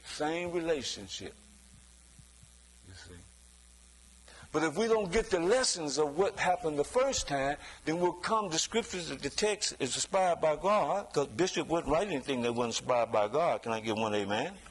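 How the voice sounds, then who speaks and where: With a fairly high, sing-song voice and a moderate pace, a preacher talks to his congregation as though chatting with them. Rhetorical "you see?" check-ins come often, along with chuckles between points and acted-out voices for everyday scenes. The audio is poor.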